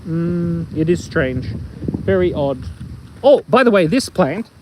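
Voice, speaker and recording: A middle-aged man with an Australian accent chats playfully on a casual phone live stream in the bush, rambling, joking and reading chat aloud. He speaks slowly in a fairly high, slightly mellow voice with big pitch swings. The audio is poor, with slight background noise.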